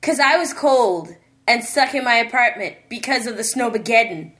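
A woman's voice: a little high, expressive, normal speed, fairly bright tone, husky. Playful woman hosting a podcast. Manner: playful, giggly, restarting the intro over and over. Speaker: podcast host. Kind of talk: casual podcast chat. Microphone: online call.

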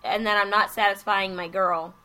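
A woman's voice: medium pitch, steady tone, normal speed, sharp tone, low-quality recording. A woman co-hosting a casual podcast, joking around in a crude, profane way. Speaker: podcast co-host. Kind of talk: casual chat.

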